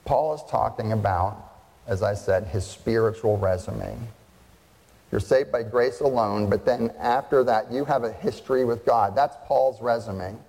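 A man's voice: on the low side, measured pace, vocal fry, darkish tone. Man preaching in a reverberant hall. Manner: asks the congregation frequent rhetorical questions; emphatic, repeats key phrases. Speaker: pastor. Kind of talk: sermon.

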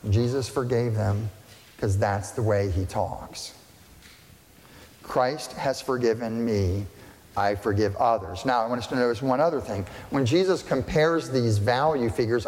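A man's voice: medium pitch, normal speed, a little mellow. A male pastor giving a sermon in a conversational way, putting questions to the congregation and adding dry humorous asides. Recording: long reverb of a large room.

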